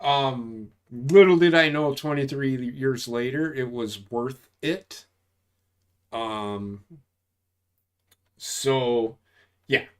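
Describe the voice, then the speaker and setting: A man's voice: medium pitch, extremely slow, long pauses, clean tone. A man in his forties, an army veteran, telling service stories in a casual chat, swearing often and rambling through his tales. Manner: profane, rambling, animated when telling stories.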